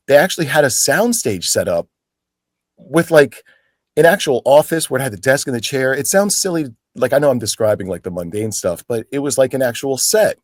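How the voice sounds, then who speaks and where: Actor guest, 40s male, casual and chatty, lively pitch, dry recording. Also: no room sound. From Pennsylvania, United States. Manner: animated, chatty, full of "like" fillers, acts out quoted people. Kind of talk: casual storytelling in an interview.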